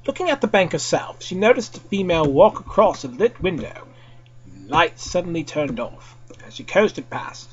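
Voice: medium pitch, muffled recording. A podcast host giving a theatrical, comic reading of fan fiction. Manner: theatrical, quick to switch voices.

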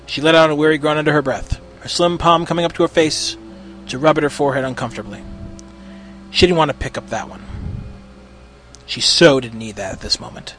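A man reads a story aloud with an expressive, steady delivery, his voice sitting a little high. Faint music plays quietly underneath. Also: fairly quick, long pauses. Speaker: narrator. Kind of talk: storybook reading of fan fiction.

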